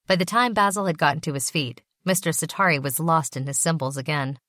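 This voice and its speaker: A woman narrating an audiobook in a steady, even reading voice. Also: low voice, a little fast, hardly any pauses, no room sound, clean studio sound.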